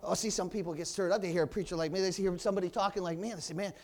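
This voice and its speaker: A male preacher with a strikingly high voice delivers a loud, fiery sermon in a church. He swings into calls of hallelujah and praise the Lord as he drives each point home. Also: fairly even intonation, very fast. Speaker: pastor.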